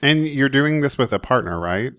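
A man's voice: medium pitch, animated, moderate pace, fairly bright tone, no echo, studio quality. A man co-hosting a game podcast, introducing and interviewing a guest in an upbeat, casual way. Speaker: podcast co-host.

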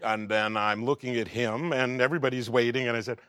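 A man's voice: mid-range voice, fairly quick, few pauses, dry recording. A middle-aged man in an interview, telling a wry anecdote and acting out the dialogue. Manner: animated, acts out dialogue, wry. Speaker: interview guest, film professional. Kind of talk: anecdotal storytelling.

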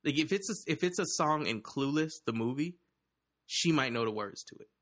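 Bright-voiced, profane man in casual chat. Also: on the high side, normal speed. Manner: profane, teasing, animated storyteller.

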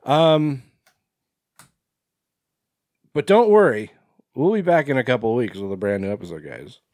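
In a casual podcast chat, a male co-host rambles, swears freely, and fills his speech with fillers. His mid-range voice is a little mellow, with lively intonation and a slightly fast pace. The sound is dry and studio-clean.

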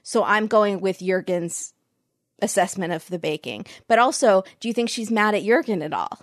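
A woman co-hosts a podcast, chatting casually about a baking show. She laughs often and acts out what people said. Her voice sits at a middle pitch and sounds close and dry. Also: lively intonation, normal speed, no room sound. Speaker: podcast co-host. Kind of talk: casual chat recapping a show.

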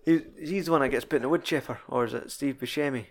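A young Scottish-accented man chats casually about a film, swearing freely and laughing often. His voice is mid-range and fast.

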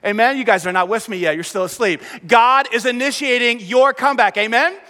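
A middle-aged male pastor preaching an energetic sermon, acting out the prayers and voices he quotes. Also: extremely high pitch, a little fast. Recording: long hall reverb.

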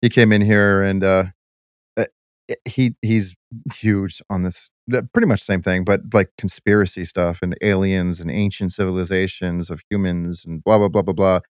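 A man's voice: deep voice, moderate pace, clean tone, dry recording, studio quality. A man co-hosting a podcast, chatting casually and swearing while explaining theories. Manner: profane, animated when explaining theories. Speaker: podcast co-host. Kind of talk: casual chat.

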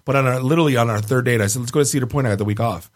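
A man at a middle pitch spins a long embarrassing story for his podcast co-hosts. He talks in an animated way and keeps breaking into chuckles as the story goes on. The chat is loose and casual. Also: rapid-fire.

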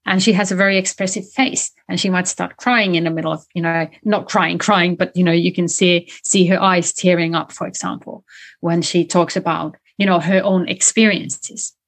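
A woman guest in an interview, explaining communication skills in a lively conversational way and demonstrating tones of voice as she talks. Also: fairly low pitch, moderate pace. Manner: animated, explains with spoken demonstrations.

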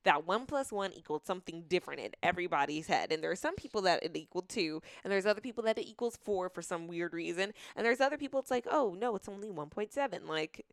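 Lively, teasing woman laughing often. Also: on the low side, fast talker, hardly any pauses, clean tone, no echo, clean studio sound. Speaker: podcast co-host. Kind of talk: casual chat.

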